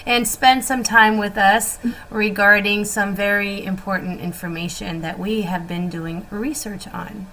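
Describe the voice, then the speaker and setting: Woman co-host, bright sharp voice, reads the disclaimer kinda stiff, faint hiss behind. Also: mid-range voice, steady tone, a little slow, rough recording. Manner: scripted, formal disclaimer delivery. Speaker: channel co-host. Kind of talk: interview hosting.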